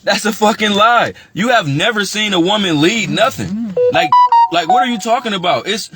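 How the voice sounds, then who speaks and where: A man's voice: high voice, animated, moderate pace, over music. A man delivering an agitated, profane monologue, firing off rhetorical questions. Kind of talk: heated monologue rant.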